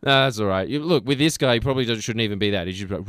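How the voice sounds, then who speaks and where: A man's voice: fairly low pitch, racing, few pauses, no room sound. A man co-hosting a drive-time radio show in a studio, bantering playfully and slipping into silly announcer voices. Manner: jokey, animated, does silly announcer voices.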